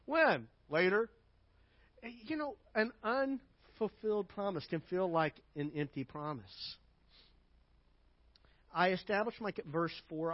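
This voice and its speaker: An older man preaching a sermon as pastor, emphatic and building to loud repeated phrases, then dropping to quiet asides. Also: a little high, no echo, dull audio.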